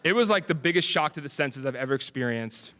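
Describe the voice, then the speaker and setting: At an alumni ceremony, a young man accepts an award with an earnest speech, sharing stories with easy chuckles and casual fillers. His voice is a little high, animated and quick, with a pushed, bright quality.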